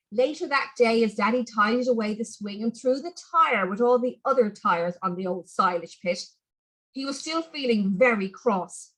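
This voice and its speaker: A woman reading a children's story aloud in an expressive, animated way. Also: fairly high pitch, moderate pace, poor audio.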